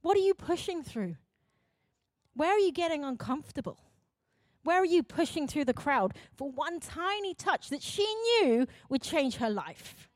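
High-voiced woman preaching a fiery sermon. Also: sing-song, a little slow, no echo, clean studio sound. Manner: emphatic, swings between loud urgent preaching and quiet intensity. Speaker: pastor.

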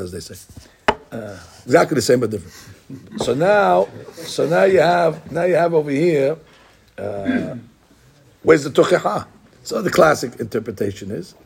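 A man teaching a Talmud class in an animated, repetitive way, dropping Hebrew and Aramaic terms into his speech. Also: a little high, creaky, breathy edge. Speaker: Torah teacher.

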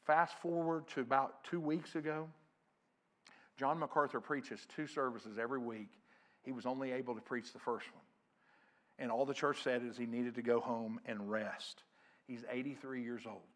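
A middle-aged man preaching a sermon as pastor, earnest, growing louder when he quotes scripture. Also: mid-range voice, steady tone, moderate pace. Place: church sanctuary.

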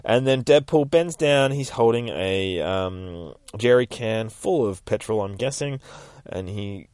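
Casual, sweary male comic reviewer, low voice, dry close sound. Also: animated, measured pace, darkish tone, dry recording.

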